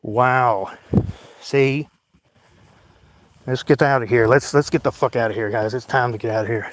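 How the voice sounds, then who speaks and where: A man's voice: medium pitch, moderate pace. Profane rambling man on a late-night phone stream. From Oklahoma, US. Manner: profane, rambling, self-deprecating, talks to viewers. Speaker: livestream vlogger. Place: outdoors at night, cemetery. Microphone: handheld phone.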